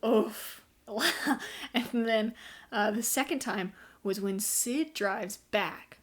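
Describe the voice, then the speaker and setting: A woman's voice: medium pitch, takes it slowly. Sarcastic woman recapping a book. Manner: sarcastic, incredulous retelling with fillers. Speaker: book reviewer. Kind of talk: casual book review vlog.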